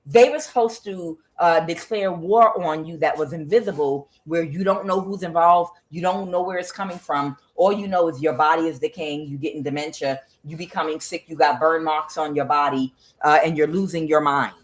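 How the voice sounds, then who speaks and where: Emphatic tarot reader, halting fillers. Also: medium pitch, poor audio. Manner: emphatic, repetitive, with swearing; hesitant fillers between phrases. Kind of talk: tarot reading monologue.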